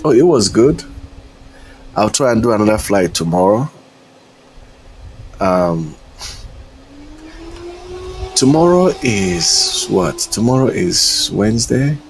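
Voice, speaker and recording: A man talks casually to his stream audience while flying a simulator. His voice sits low and his delivery is slow, full of hesitations and small chuckles, with a faint hum of noise behind him. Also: sing-song. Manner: rambling, hesitant, chuckles often. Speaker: flight sim streamer. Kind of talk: casual live-stream chat.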